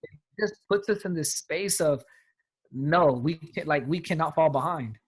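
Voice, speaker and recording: A man's voice: on the high side, expressive, a little slow, husky. A man coaching his sales team on a call, talking emphatically in casual slang. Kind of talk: motivational talk on a team call.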